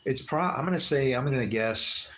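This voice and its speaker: A man's voice: medium pitch, expressive, normal speed, fairly bright tone. A man hosting his own live stream, rambling loosely between thoughts, swearing freely and laughing to himself. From United States. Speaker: livestream host.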